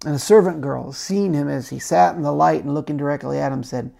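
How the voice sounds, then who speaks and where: Male pastor, gravelly edge, chatty animated sermon delivery. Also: fairly high pitch, a little fast. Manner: conversational, animated storytelling with asides. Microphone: camera-recorded talk.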